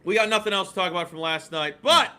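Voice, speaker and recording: Bright-voiced man, teasing sports banter. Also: high voice, lively intonation, fast talker, clean tone. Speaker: sports betting co-host. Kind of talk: casual sports-betting chat.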